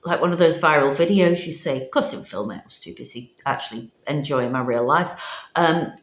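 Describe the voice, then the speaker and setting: A woman's voice: deep voice, brisk. A woman, chatting casually and rambling a little, filler words dotted through as she vlogs. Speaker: vlogger. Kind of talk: casual vlog chat.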